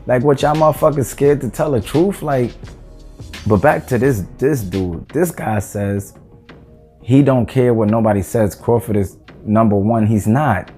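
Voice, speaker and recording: A man's voice: medium pitch, a little slow, mellow, soft background music. A man ranting heatedly about boxing rankings in a vlog, cursing and exasperated, with rhetorical questions. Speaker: boxing commentator.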